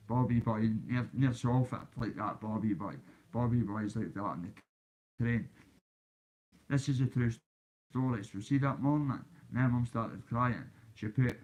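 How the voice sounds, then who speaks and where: A man's voice: mid-range voice, normal speed, rough recording. A Scottish man with a Glasgow accent, a YouTuber telling a boastful story straight into his phone and talking to the kids watching. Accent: Scottish, Glaswegian. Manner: boastful, swaggering, addresses kids directly. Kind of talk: casual vlog storytelling.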